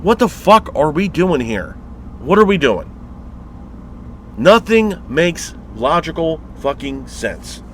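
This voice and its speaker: A man's voice: a little high, sing-song, slow, a little hiss or hum. A man reviewing a wrestling show in a frustrated, profane rant, full of rhetorical questions and repeated complaints. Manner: profane, exasperated ranting. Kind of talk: ranting vlog review.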